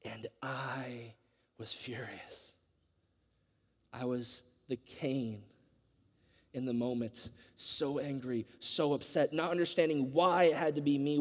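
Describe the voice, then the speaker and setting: An earnest man delivers a sermon, building his story with loud surges and dropping into near-whispers. His voice sits at an ordinary middle pitch. The sound carries a long reverb, as in a large church hall. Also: fairly even intonation, unhurried. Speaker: preacher.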